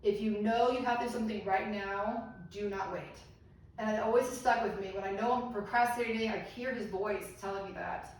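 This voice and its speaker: Captured at a distance in an echoey seminar room with faint background noise, a middle-aged presenter leads a live medical seminar. She talks briskly in a mid-range voice with fairly even intonation, earnest and encouraging as she quizzes the audience.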